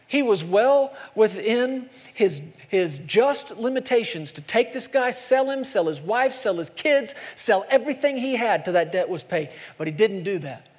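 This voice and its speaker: Impassioned male preacher, high voice, slow deliberate delivery, big hall reverb. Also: animated. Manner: impassioned, swings between soft hushed lines and loud climbs. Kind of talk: sermon.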